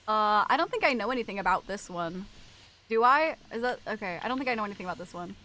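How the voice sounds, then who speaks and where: A woman's voice: mid-range voice, animated, fast, sharp tone. A young woman streaming a horror game, chatting casually with her viewers, swearing often and breaking into screams and laughs. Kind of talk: casual gameplay chat with chat.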